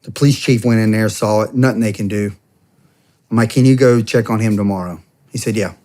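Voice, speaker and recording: A man's voice: lowish voice, steady tone, fairly quick, dark tone. A man, a former police officer and podcast guest, tells an emotional personal story in an earnest, conversational way. He acts out what others said and often restarts his sentences. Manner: acts out the quoted speech of others while telling the story.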